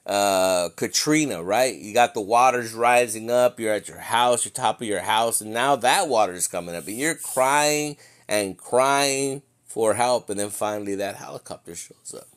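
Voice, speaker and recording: Slow, low-voiced man teaching scripture. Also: animated. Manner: conversational, checks in with "okay?" and "right?"; slows down to read verses aloud. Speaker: bible teacher.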